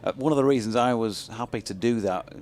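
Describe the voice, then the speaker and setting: A man's voice: mid-range voice, darkish tone, a little hiss or hum. A man commentating live on cricket, calling each ball and trading dry quips with his co-commentator. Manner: dry, quick wit in banter.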